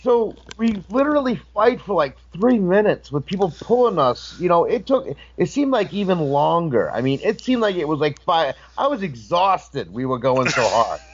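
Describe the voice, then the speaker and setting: Animated man telling a story, lo-fi. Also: high voice, normal speed, few pauses, breathy edge. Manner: animated, acts out voices in his stories. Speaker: podcast guest, wrestler. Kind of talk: casual storytelling.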